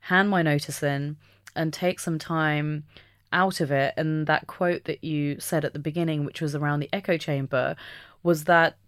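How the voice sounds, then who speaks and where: A woman speaking as an interview guest, talking openly and reflectively, with the odd soft laugh. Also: low-pitched, fairly even intonation, normal speed, no room sound, clean studio sound. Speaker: podcast guest. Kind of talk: candid conversational interview.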